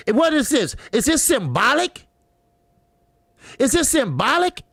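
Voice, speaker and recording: A loud, gravelly, profane boxing host. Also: male voice, very high-pitched, big pitch swings, unhurried, no echo, studio quality. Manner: loud, profane, laughing often, shouting greetings to chatters. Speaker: boxing talk show host. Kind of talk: live-stream boxing talk.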